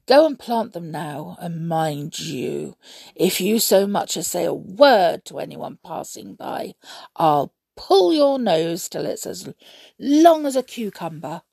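A woman's voice: on the low side, big pitch swings, takes it slowly, vocal fry, darkish tone, husky, no room sound, exaggerated voice. A woman voicing a sly, spiteful male imp in a storybook reading, with a sneering, threatening manner. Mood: mocking.

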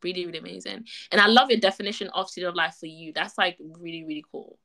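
A woman's voice: fairly low pitch, fast, vocal fry, sharp tone. A woman hosting a podcast, chatting casually and heaping encouragement and thanks on her guest. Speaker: podcast host.

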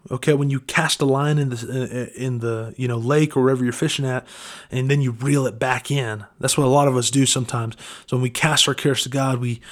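A man preaching a casual devotional talk, conversational and earnest, often saying "man" and "you know". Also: medium pitch.

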